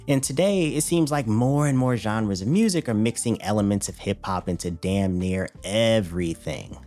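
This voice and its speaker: A man hosting his channel, giving scripted commentary in a wry, blunt way. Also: fairly low pitch. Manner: wry, blunt, expressive delivery. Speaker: host. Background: faint music.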